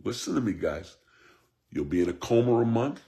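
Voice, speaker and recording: A man preaching an impassioned sermon, swinging between shouts and hushed tones and repeating a refrain. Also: mid-range voice, expressive, normal speed. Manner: repeats a refrain, addresses listeners by name.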